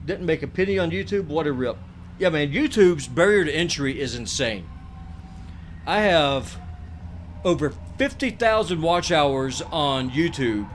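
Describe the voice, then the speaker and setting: A man's voice: on the high side, a bit bright, a little hiss or hum. Blunt man streaming games. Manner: blunt, rambling, opinionated. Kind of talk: casual live-stream chat while gaming.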